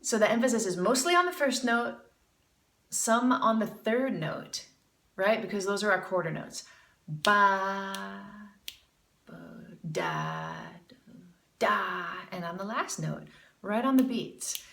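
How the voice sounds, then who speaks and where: Woman vocal coach, bright and forward tone, encouraging jazz scat teacher in a roomy space. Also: medium pitch, sing-song, takes it slowly, long pauses, distant mic. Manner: encouraging, demonstrates with sung scat syllables. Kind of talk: music lesson critique with scat singing demos.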